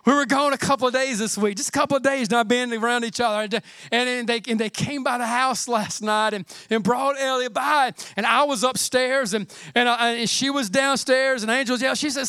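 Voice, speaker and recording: A middle-aged man preaching a sermon in a fervent, conversational way, often dropping to a hushed near-whisper. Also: extremely high pitch, brisk, smooth, no echo, clean studio sound. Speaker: pastor.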